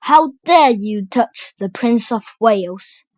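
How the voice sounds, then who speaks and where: A woman's voice: on the high side, animated, slow pace, darkish tone, dry recording. A woman voicing a hot-tempered young boy prince in a storybook, with indignant, commanding outbursts.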